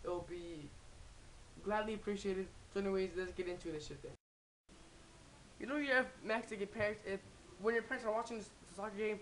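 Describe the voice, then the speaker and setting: A woman's voice: a little high, a little fast, slight background noise, rough recording. A young woman in a casual comedy vlog, rambling and swearing with many restarts. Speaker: vlogger.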